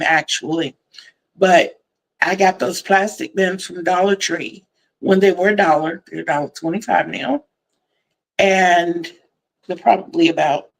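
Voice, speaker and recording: Slow-talking older woman. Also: lowish voice, gravelly, poor audio. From Virginia, USA. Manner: chatty, effusive, repeats words for emphasis. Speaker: crochet livestream host. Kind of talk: casual livestream chat.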